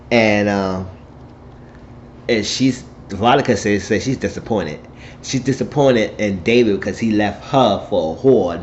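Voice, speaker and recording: Man, low voice, rambling episode recap, acts out the lines, dull lo-fi sound, faint room hum. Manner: rambling storytelling that mimics the characters' lines. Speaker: show recap vlogger.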